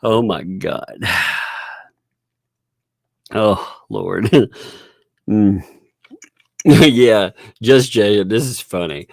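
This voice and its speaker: Guy doing a commentary vlog, laughing a lot, slow talker, dry sound. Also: fairly low pitch, creaky, no echo. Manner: laughs often, mocking and amused; repeats and restarts words. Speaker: commentary video host. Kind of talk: casual commentary.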